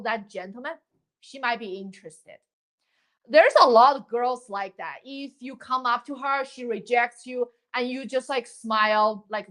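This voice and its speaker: A woman's voice: fairly high pitch, a bit bright. Young female streamer; upbeat, rambling, filler-heavy casual advice. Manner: rambling, many fillers and restarts; chatty, upbeat, thanks viewers. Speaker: livestreaming dating advice creator. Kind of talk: casual livestream chat.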